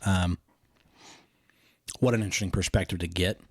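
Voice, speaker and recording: A man's voice: low voice, fairly even intonation, moderate pace, vocal fry, no echo, studio quality. A man co-hosting a podcast, retelling a film in a casual, rambling way, with lots of "you know" and "like". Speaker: podcast co-host.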